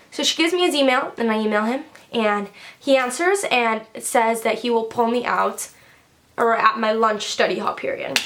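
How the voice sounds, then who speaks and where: A teenage girl vlogger telling a storytime rant, animated, heated and full of profanity. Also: on the high side, fairly quick. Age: teens.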